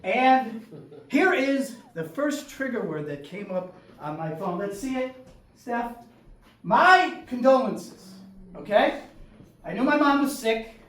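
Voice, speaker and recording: A man doing solo stand-up storytelling on a theater stage, animated and acting out his family, sometimes shouting punchlines. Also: very high voice, slow pace. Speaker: stand-up comedian. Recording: echoey room, voice from far off.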